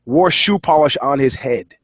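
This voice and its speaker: A man's voice: medium pitch, moderate pace, dry recording. Profane New man telling stories, lo-fi. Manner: profane storyteller, acts out other people's lines. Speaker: podcast co-host. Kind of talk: casual chat. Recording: dull lo-fi sound.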